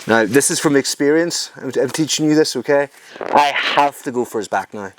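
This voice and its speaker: A man teaching jiu-jitsu technique during a live demonstration, talking in halting phrases and often checking in with "okay?". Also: medium pitch. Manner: talks while moving on the mat, halting phrases. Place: training room at a retreat. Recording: noisy room recording.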